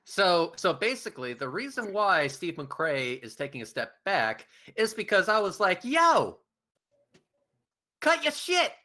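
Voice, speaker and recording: A man's voice: on the high side, sing-song, moderate pace, few pauses, sharp tone. A man in casual online chat, telling a crude joking story and acting out the quotes.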